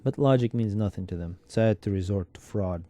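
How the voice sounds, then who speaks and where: A man's voice: fairly low pitch, brisk, warm tone, no echo, lightly acted. A man doing a sardonic sick Russian clerk. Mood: bitter. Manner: sardonic and lecturing. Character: sick, bitter, mocking Russian clerk, middle-aged man.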